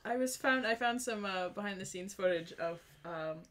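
A young woman chatting casually as a podcast guest, telling stories with lots of giggles and quick animated asides. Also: mid-range voice. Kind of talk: casual chat.

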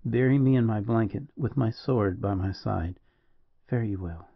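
Dying soldier, quiet and halting, gravelly, dull dry recording, read by a male narrator. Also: fairly low pitch. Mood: solemn. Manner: faint, halting and solemn. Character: dying noble soldier, faint and tender.

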